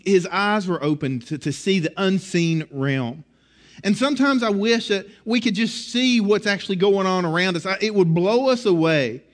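A middle-aged man preaching a sermon in a conversational, animated way, often restarting his phrases. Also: high-pitched, normal speed. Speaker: pastor.

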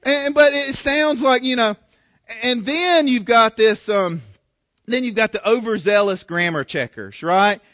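A man preaching a sermon in a church, often stumbling and repeating words as he talks, with animated asides. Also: high voice, unhurried, no echo, studio quality. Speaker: pastor.

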